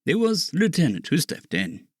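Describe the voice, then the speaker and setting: A male narrator reading a fantasy audiobook, his pitch ranging widely as he reads. The recording is dry and close, with no room sound. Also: normal speed, breathy edge, no echo. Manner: lively, expressive reading.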